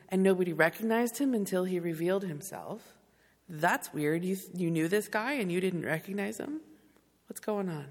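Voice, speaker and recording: A woman's voice: mid-range voice, in a large hall. A woman pastor preaching a sermon, speaking tenderly and directly to her congregation.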